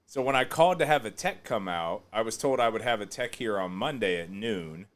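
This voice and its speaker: A man hosting a podcast, chatting casually and joking, often breaking into loud laughter. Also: lowish voice, fairly quick. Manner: animated, joking, laughs loudly. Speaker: podcast host.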